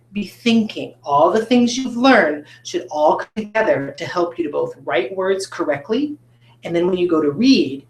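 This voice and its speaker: A woman teacher giving a recorded phonics lesson, patiently asking questions and answering them herself. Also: fairly low pitch. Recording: echoey room.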